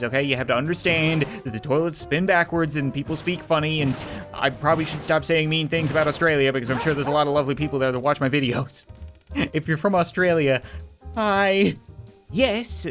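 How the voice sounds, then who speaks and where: A man's voice: on the high side, a bit bright. A man doing comedic let's-play commentary, sarcastic and mock-indignant, laughing often. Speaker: gaming YouTuber.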